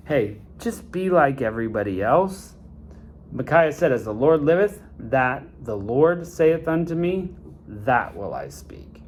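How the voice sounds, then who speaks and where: A man reading scripture aloud and adding relaxed, chatty comments of his own. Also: a little high, a little hiss or hum. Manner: reads scripture slowly, then adds chatty asides. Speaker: Bible reader and commentator. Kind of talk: Bible reading with casual commentary.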